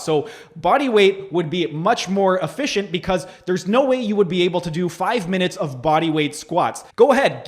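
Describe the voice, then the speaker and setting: High voiced fitness coach guy roasting a workout machine, sarcastic and lecture-y. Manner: sarcastic, lecturing, explaining definitions. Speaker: holistic health coach. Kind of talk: critical video review commentary.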